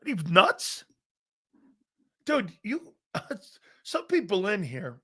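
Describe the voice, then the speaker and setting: A middle-aged man hosting a live sports talk show, reading chat messages aloud, laughing often and arguing back loudly. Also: high-pitched, a little slow. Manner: loud, excitable, laughs often, argues with chat.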